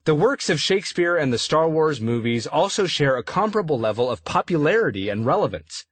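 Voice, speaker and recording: A man reading his own afterword for an audiobook in a measured, explanatory way. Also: mid-range voice, a bit bright, breathy edge, no room sound. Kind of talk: read-aloud audiobook afterword.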